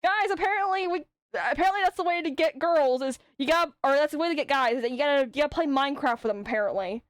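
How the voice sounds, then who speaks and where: A young adult woman streams and chats casually, telling rambling stories and swearing a lot. She talks fast in a high-pitched voice, captured with clean studio sound and no echo.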